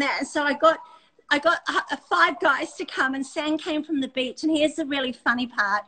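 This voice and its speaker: An Australian woman hosts a casual conversation with a high, bright pitch. She is effusive and affectionate and keeps restarting her sentences as the stories tumble out. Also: low-quality recording. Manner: effusive, talks in quick restarts. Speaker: host. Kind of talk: casual chat.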